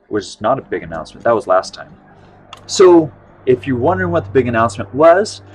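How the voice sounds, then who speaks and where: A man's voice: medium pitch, slight background noise. A man in his thirties from the United States, chatting casually and rambling on a live art stream while he paints. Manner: rambling, chatty, often trails off and restarts. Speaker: livestream art host.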